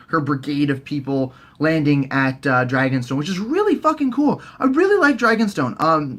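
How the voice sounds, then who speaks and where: Excitable, sweary man with a lively voice. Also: on the high side. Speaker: vlogger. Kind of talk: profane casual recap.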